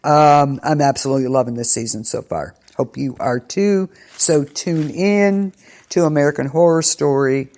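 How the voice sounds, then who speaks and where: A woman's voice: sits low, normal speed, a little mellow. A woman hosting an internet radio show, rambling through a casual rundown of upcoming shows with lots of ums and restarts. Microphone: studio mic, pre-recorded.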